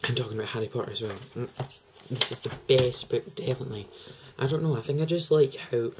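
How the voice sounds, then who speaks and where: Against a noisy background, a teenage boy vlogger chats to the camera, fast and medium-pitched, in a hyper, gushing, rambling way.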